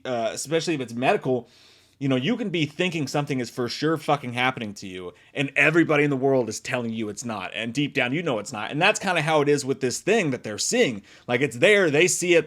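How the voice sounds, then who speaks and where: A man casually reviewing a horror movie, swearing freely and acting out lines in loud shrieking voices. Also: medium pitch. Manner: profane, animated, acts out quotes in big shrieking voices. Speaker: movie review podcast host. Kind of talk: casual spoiler review chat.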